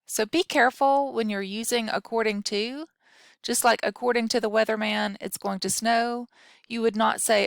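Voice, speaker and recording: A woman's voice: mid-range voice, fairly even intonation, moderate pace, gravelly, dry recording, clean studio sound. A woman instructor giving a recorded grammar lesson, explaining patiently and talking through example sentences aloud.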